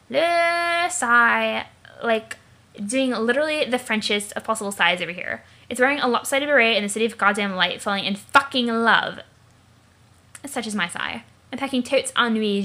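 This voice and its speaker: Lady playing a tipsy bubbly teen girl, loud and slangy, rambling on, swears a lot, kinda high. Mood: giddy.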